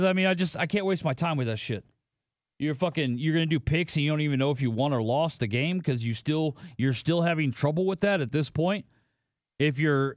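A man hosting a casual sports betting podcast alone, ranting and swearing, swinging between loud outbursts and low mutters. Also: no room sound, clean studio sound. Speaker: podcast host.

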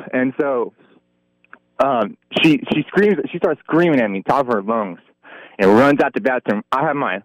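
A man's voice: medium pitch, expressive, measured pace, no room sound, dull audio. A man in his twenties on a radio show telling an anecdote, rambling and restarting his sentences. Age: 20s.

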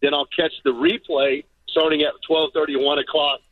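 A man's voice: a little high, flat delivery, normal speed, no echo. A man calling in to a radio show as a truck driver, rambling and repeating himself. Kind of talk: phone call-in. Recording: tinny phone line.

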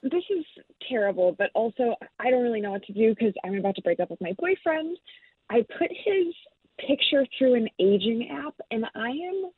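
A woman caller with a husky voice that swings up and down as she admits something embarrassing. She hurries through her words, and the sound is dry. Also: on the high side, animated, moderate pace, no room sound, phone-quality sound. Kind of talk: phoned-in confession.

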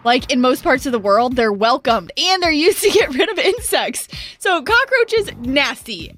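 A young woman co-hosting a morning radio show, telling stories in an animated, emphatic way. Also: high-pitched, measured pace, faint music behind. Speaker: radio co-host.

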